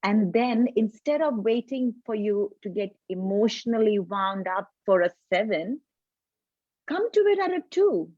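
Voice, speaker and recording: An earnest woman in her forties shares parenting advice in a casual live chat, often pausing and restarting her sentences. Her voice sits in an everyday middle range. The call audio is dry and a little dull. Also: mid-range voice, animated, no echo. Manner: earnest, explanatory, with frequent restarts. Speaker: parenting coach, host. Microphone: video call.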